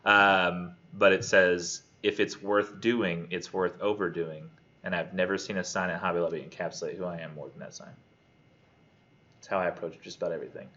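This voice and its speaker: A man teaching a college English class, animated and joking. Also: low-pitched, fast talker. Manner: animated, joking, self-deprecating. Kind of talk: jokey classroom lecture. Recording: muffled lo-fi classroom recording.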